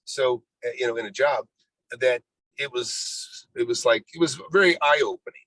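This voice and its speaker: A man's voice: mid-range voice, moderate pace, fairly bright tone, no room sound, poor audio. Rambling older man telling his story. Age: 60s. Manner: rambling, full of "you know", acts out quoted dialogue. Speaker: real estate investor guest. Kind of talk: storytelling interview.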